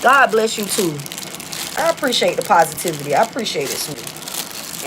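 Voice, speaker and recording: A woman's voice: medium pitch, animated, brisk, noisy background. A woman with a Southern US accent, a mother, talking straight to her viewers in a blunt, defiant way with plenty of swearing. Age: adult, a mother. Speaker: vlogger and rapper. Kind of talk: casual talk to viewers.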